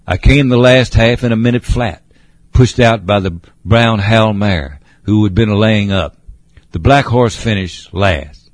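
A man's voice: on the low side, unhurried, no echo. A man voicing an old male cab horse with a gurgling voice, telling his tale politely and addressing the listener as sir. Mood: proud. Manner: polite, says sir often.

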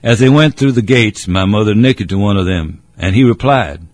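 A man narrating a storybook in a measured, old-fashioned way, addressing a listener as sir. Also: fairly low pitch, no room sound.

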